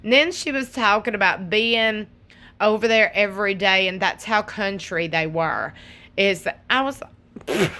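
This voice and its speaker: A woman's voice: mid-range voice, unhurried, pushed and bright. A young adult woman giving casual, sassy reaction commentary and talking straight to her viewers. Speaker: commentary channel host.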